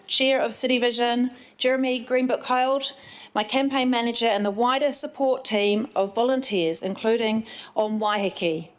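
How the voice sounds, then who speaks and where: A woman, giving an earnest, at times emotional speech as a newly elected city councillor. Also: on the high side. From England. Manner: emotional, tearful at moments, earnest.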